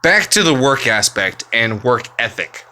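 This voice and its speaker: A man's voice: medium pitch, big pitch swings, unhurried, sharp tone. A man ranting angrily to camera, swearing nonstop, exasperated and blunt. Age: adult, works full time. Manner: angry, swearing constantly, exasperated. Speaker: vlogger. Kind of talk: profane ranting monologue.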